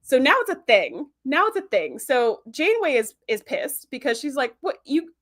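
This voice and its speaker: A woman's voice: sits high, very animated, a bit bright. A woman hosting a podcast, giving a casual, rambling recap of a TV episode, correcting herself often and laughing easily. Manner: chatty, rambling, self-correcting, quick to laugh. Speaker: podcast host.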